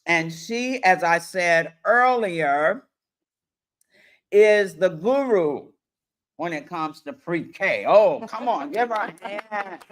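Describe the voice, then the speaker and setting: A woman coach giving a lively workshop presentation to parents, addressing the audience directly and often checking in with them. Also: lowish voice. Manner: animated, acts out parents and children in quick voices; addresses audience directly with frequent "all right".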